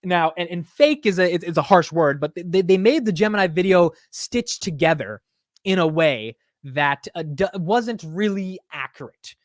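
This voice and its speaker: A man's voice: high-pitched, normal speed, no echo, clean studio sound. A man hosting a live stock market show in casual commentary, rambling and blunt with casual swearing.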